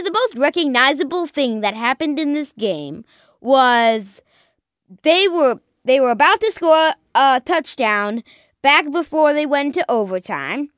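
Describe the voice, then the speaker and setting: A woman co-hosting a casual sports chat, animated and dramatic as she talks through the week's games. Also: high-pitched, no echo, clean studio sound. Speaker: sports podcast co-host.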